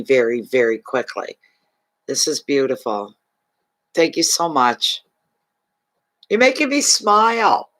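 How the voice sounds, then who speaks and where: A Canadian man with a fairly bright, high-leaning voice chats casually on a livestream as a fortune reader. He gets emotional, thanks his viewers, and talks to his dog.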